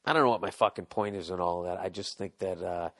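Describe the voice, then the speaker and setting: A man's voice: low voice, quick pace, fairly bright tone. A man hosting a podcast, delivering a rambling, profane, sarcastic comedic rant. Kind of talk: ranting comedic monologue.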